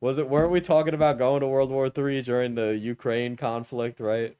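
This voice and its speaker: A man's voice: medium pitch, fairly even intonation, moderate pace, dark tone, clear, resonant tone, no room sound, studio quality. Mocking New York man on a live stream. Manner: crude, mocking, talks over the video. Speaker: streamer reacting to a video. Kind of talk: casual live-stream commentary.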